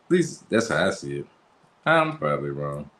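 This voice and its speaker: A man's voice: extremely low pitch, sing-song, normal speed, fairly bright tone. A man from the United States, hosting a casual commentary vlog in a loose, conversational way full of slang and fillers. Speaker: channel host.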